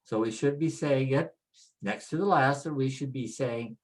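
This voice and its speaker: An instructor teaching a spoken lesson, explaining each rule step by step and repeating every example word slowly to model its pronunciation. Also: medium pitch, low-quality recording. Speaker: language instructor.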